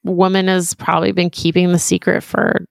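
A woman's voice: lowish voice, little pitch movement, moderate pace, vocal fry, dry recording, clean studio sound. A woman co-hosting a casual podcast, chatting and reading listener emails aloud in an easygoing way. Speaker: podcast host. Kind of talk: casual chat.

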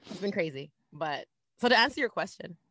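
A woman, co-hosting a podcast and telling stories in a dramatic, animated way. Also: lowish voice, a little fast. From Canada. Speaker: podcast co-host. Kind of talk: casual chat.

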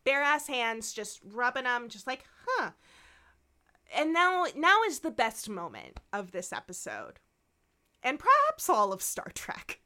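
Co-hosting a podcast, a woman recaps an episode in casual chat, swearing freely and acting out the characters' lines with animation. Her voice sits on the high side and she takes her time.

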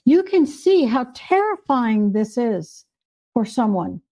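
A woman's voice: on the high side, big pitch swings, takes it slowly, dark tone. An older woman, a psychic medium guest, telling stories in an interview in an earnest, emphatic way. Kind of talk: storytelling in an interview.

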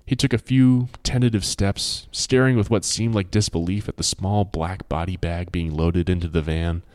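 Deep-voiced male audiobook narrator. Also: no room sound. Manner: measured, expressive storytelling.

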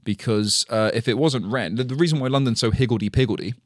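A man co-hosting a podcast, telling stories in lively casual chat and swearing freely. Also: medium pitch, quick pace, dry recording, clean studio sound. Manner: animated storyteller, swears freely. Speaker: podcast co-host.

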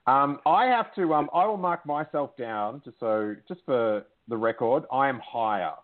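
A man's voice: medium pitch, lively intonation, moderate pace. A man hosting a podcast and taking calls, teasing and playful in tone. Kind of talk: casual podcast chat. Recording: tinny phone-like sound.

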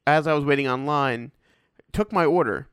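A man's voice: a little high, moderate pace, a bit bright, clean tone, dry recording, clean studio sound. A young man co-hosting a podcast, bantering casually with blunt, profane jokes. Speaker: podcast co-host.

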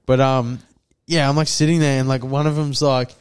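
A man's voice: mid-range voice, moderate pace, smooth. Swearing guy telling a story. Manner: swears often, animated retelling with acted quotes. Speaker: podcast co-host. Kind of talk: casual chat, storytelling.

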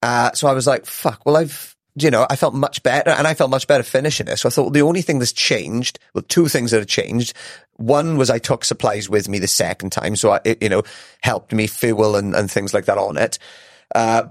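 A man's voice: mid-range voice, a little fast, no echo. A man chatting casually as a podcast guest in a studio, rambling, swearing freely and laughing often. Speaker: podcast guest, ultra runner. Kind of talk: casual chat.

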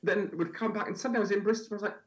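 A man chatting as a podcast guest, telling stories in a lively, chatty way with frequent fillers. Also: sits high, racing. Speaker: guest, food festival presenter. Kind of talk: casual interview chat.

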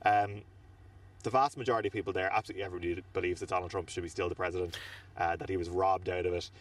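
A man's voice: sits low, very fast, no room sound, distant mic. Irish man telling stories outdoors. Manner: animated, rambling anecdotes with fillers. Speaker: reporter and podcast co-host. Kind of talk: casual on-location storytelling. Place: outdoors in front of a large government building.

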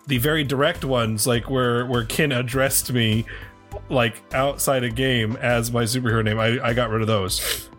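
A man of ordinary pitch talks loosely on a podcast, trailing through "like" and "um" and restarting his sentences. He swears casually and keeps talking on and on in a relaxed, chatty way. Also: moderate pace, soft background music. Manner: rambling with many fillers and restarts, swears freely. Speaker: podcast co-host. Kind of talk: casual chat.

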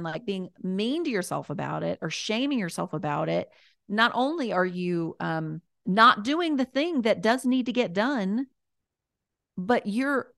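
A woman, a guest author, chatting casually and warmly, repeating her key points as she gives encouraging advice. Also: medium pitch, vocal fry, no echo, clean studio sound.

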